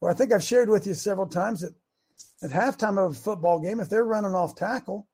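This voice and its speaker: High husky-voiced man preaching as host. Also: brisk. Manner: folksy, repetitive restarts, rising to shouts. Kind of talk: preachy talk show monologue.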